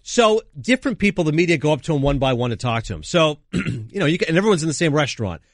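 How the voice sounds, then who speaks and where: Fast, lively sports radio man. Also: fairly high pitch, no room sound, clean studio sound. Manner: animated storyteller. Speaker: fill-in radio co-host.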